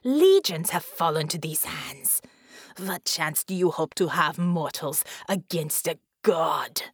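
A towering alien warlady snarls her threats in a low, harsh growl, as a woman reader puts her on. She is savage and boastful, a villain from an audiobook. The sound is dry and close. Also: very animated, measured pace, husky, no room sound, full character voice. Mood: menacing.

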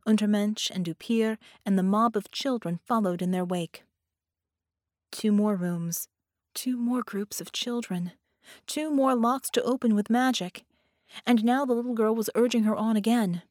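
A woman narrating an audiobook in a clear, measured storytelling manner. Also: on the high side, darkish tone, no echo, clean studio sound.

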